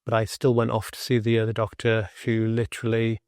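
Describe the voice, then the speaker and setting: A man's voice: lowish voice, fairly quick, no room sound, studio quality. Blunt ex-Marine telling his story. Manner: blunt, animated, swears freely. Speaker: guest, former Royal Marine. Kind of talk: candid personal storytelling.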